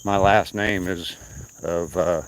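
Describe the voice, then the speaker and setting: A man's voice: deep voice, steady tone, slow pace, slight background noise, low-quality recording. An older man with a slight Southern accent, chatting casually with viewers on a live stream while out on a walk, rambling from topic to topic. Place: outdoors at night on a walk.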